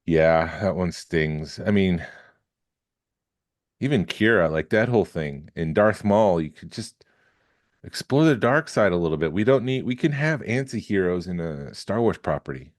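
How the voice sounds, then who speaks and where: A man co-hosting a podcast, running through news items in relaxed casual chat with jokes along the way. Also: sits low, moderate pace, no echo, studio quality. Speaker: podcast co-host.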